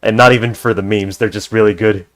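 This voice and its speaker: A man's voice: on the low side, fairly even intonation, quick pace, a bit bright. A man livestreaming a video game, chatting casually in a rambling, easygoing way with frequent restarts. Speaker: gaming streamer. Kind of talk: casual livestream chat reading.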